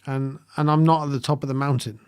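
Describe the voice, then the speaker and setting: A man hosting a meditation livestream, talking softly and hesitantly with frequent pauses, reading out viewer comments as he goes. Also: mid-range voice, fairly even intonation, smooth, dry recording. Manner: soft-spoken, halting, with frequent ums and gentle laughs. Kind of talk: live-streamed reflective talk, reading viewer comments.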